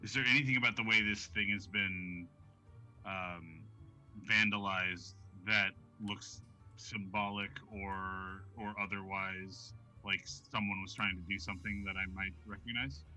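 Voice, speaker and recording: Bright, low-pitched male player. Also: fairly even intonation, faint music behind. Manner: halting, weighing each word. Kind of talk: tabletop role-play.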